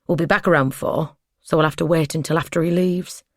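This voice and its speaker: Woman narrator as a laid-back, teasing boyfriend, low-pitched, dry close sound. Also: steady tone, brisk, no echo. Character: casual, teasing adult male partner.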